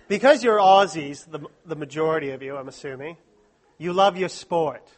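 Speaking a little slowly in a fairly high voice, a man entertains a live Christian study week audience. He pokes fun at himself, jokes around, and drifts into chatty asides.

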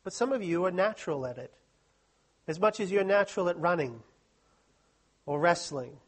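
A man's voice: high-pitched, expressive, moderate pace. A man giving a humorous, self-deprecating talk to a live audience at a Christian study week. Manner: joking, self-deprecating, chatty asides.

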